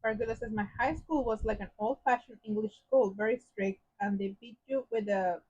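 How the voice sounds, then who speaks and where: A woman reads viewer comments aloud on a live stream in a soft voice. Her voice sits fairly high, and she is a little away from the microphone. The audio is dull and lo-fi. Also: moderate pace. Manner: soft-spoken, a bit off-mic. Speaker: co-host reading chat.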